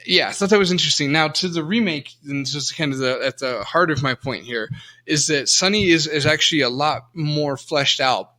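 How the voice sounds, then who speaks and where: A man's voice: a little high, moderate pace, sharp tone. A man co-hosting a casual podcast chat about old games, rambling with lots of restarts and fillers. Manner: rambling, many restarts and fillers, self-mocking. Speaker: podcast co-host.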